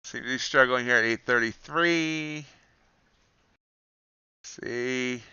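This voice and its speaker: A man's voice: medium pitch, slow pace, bright, forceful tone, smooth, dry recording, dull audio. A man giving live commentary on his trades, counting off prices and greeting viewers in chat. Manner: calls out prices and chats with viewers. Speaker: livestream futures trader.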